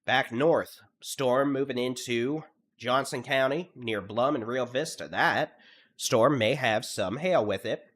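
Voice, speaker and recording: Texan man, storm chaser, live weather briefing, congested, steady and somewhat monotone, middle-aged. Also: medium pitch, slow. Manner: steady briefing cadence, lists place names, at times monotone. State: congested from allergies. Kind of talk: live weather coverage commentary.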